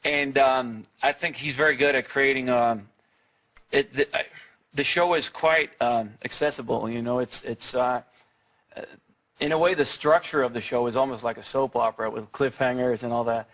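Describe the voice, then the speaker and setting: Hesitant swedish guy answering questions in a tv studio, lots of ums and restarts, average pitch. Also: fairly even intonation, normal speed, a bit bright. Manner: hesitant, many fillers and restarts. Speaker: actor guest. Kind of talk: TV interview answers.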